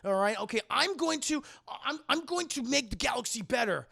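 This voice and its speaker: A man's voice: very high voice, expressive, fairly quick, vocal fry, pushed and bright, husky, voice pushed up, exaggerated voice. A man voicing a hotheaded young male knight turning evil, in a frantic, stammering, crude way. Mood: defiant.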